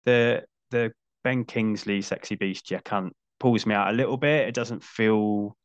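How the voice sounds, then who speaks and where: A man's voice: lowish voice, unhurried, clean tone, no echo, lo-fi sound. A middle-aged man hosting a casual film chat, thinking aloud and restarting his sentences. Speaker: podcast host.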